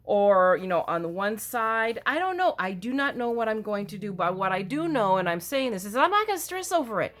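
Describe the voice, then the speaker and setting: A woman hosting a card-making tutorial in casual, rambling chat, loud and full of self-joking asides. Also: mid-range voice, very animated, a little fast, faint music behind. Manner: loud talker.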